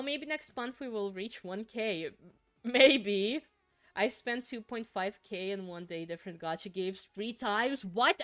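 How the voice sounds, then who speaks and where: A woman's voice: mid-range voice, dry recording. A young woman from Finland with a mixed accent, chatting casually as a streamer while gaming and reading chat aloud, giggly and rambling with frequent restarts. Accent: mixed, not a typical Finnish one. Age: young adult.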